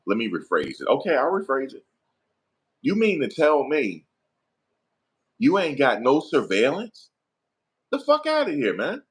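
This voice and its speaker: A man's voice: mid-range voice, wildly swooping pitch, fast talker, breathy edge, pitched above the performer's own voice. A man playing a fired-up male defense lawyer in a comedic role-play, incredulous and pleading, who keeps rephrasing his questions.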